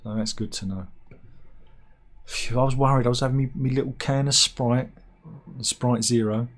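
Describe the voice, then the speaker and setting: Man, satirical news vlogger, sarcastic, rambling, deadpan asides, close mic. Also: mid-range voice, normal speed. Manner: sarcastic, mock-serious, mutters asides. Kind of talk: rambling comic news commentary.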